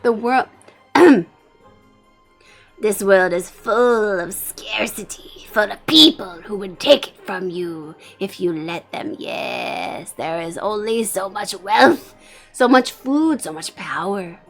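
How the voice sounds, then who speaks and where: A woman voicing a scheming male Gollum-like bishop, who preaches a sermon in a drawn-out, hissing, wheedling way. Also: on the high side, expressive, soft background music. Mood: preaching. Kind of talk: fire-and-brimstone sermon role-play.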